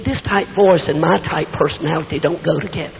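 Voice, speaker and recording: A middle-aged man preaching a sermon in a church with a hoarse, weak voice, telling folksy stories with self-deprecating asides. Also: on the high side, fast. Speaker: visiting preacher. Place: church sanctuary. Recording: tinny echoey church recording with hiss.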